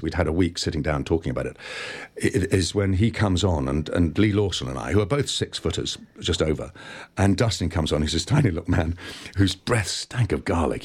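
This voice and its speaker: A middle-aged actor telling stories in an interview, animated and stumbling over restarts. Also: male voice, low voice, husky. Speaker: actor, guest. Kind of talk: interview anecdote.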